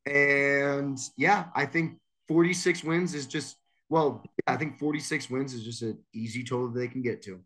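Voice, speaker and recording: A man's voice: mid-range voice, steady tone, normal speed, a bit bright. A man on a sports podcast, chatting casually and calling his picks with confidence. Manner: decisive, leads through the picks.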